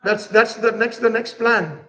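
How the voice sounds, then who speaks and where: A preacher voicing a vengeful male poisonous snake sent from his master, speaking slowly in his own fairly high voice. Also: fairly bright tone, long reverb tail.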